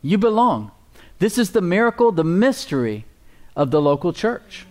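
A man's voice: sits high, very animated, normal speed. A man preaching a sermon as pastor, emphatic, with call-and-response asides and repeated words for emphasis.

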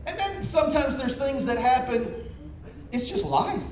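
A man's voice: very high-pitched, sing-song, unhurried. A man preaching a sermon, telling a folksy story with lots of repeated words and restarts, then appealing to his congregation. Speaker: pastor. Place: large church hall. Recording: echoey hall, faint ambience.

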